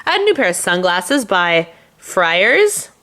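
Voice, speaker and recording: A woman's voice: fairly low pitch, very animated, unhurried, bright, forceful tone, slight background noise. A young woman vlogging in a casual, chatty way, upbeat and full of little fillers as she shows off items. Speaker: lifestyle vlogger. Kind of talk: casual chat to camera.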